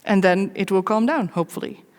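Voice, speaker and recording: A woman giving a live conference talk, candid and personal, with wry self-mocking asides and measured pauses between short phrases. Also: mid-range voice, darkish tone, smooth. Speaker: conference speaker. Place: large conference hall. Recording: long reverb of a big hall.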